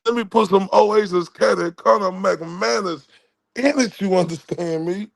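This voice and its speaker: Guy on a stream, talks slow n keeps repeating himself, high voice. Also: gravelly. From Texas. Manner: preachy, repeats phrases, swears. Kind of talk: live-stream commentary.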